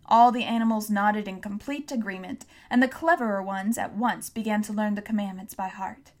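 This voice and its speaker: A woman reading a classic novel aloud as audiobook narrator, telling the story steadily and clearly. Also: mid-range voice, steady tone, normal speed. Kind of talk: scripted narration.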